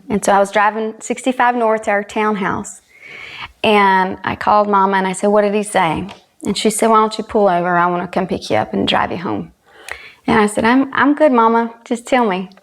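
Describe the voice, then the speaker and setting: A country singer from South Carolina, appearing as a guest, earnestly tells a personal story and retells the dialogue. She has a Southern US accent and a medium-pitched voice.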